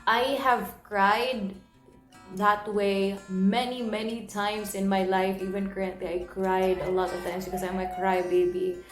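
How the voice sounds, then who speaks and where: A woman's voice: medium pitch, flat delivery, measured pace. A young woman telling a personal story in an earnest, emotional way, often repeating and restarting her phrases. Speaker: vlogger. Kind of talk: personal confessional vlog. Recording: roomy echo, soft guitar music underneath.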